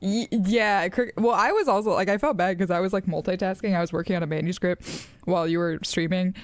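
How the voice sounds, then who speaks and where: A woman's voice: on the low side, a little fast, no echo. An American woman live-streaming a game, chatting casually and rambling with many fillers and laughs. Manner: rambling, giggly, lots of fillers. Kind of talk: casual live-stream chat while gaming.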